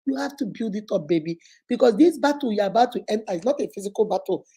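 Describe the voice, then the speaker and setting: A woman's voice: medium pitch, animated, quick pace, dark tone, breathy edge. A woman hosting a faith-based motivational advice talk, preaching emphatically and calling her listeners sister and baby. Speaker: relationship advice host.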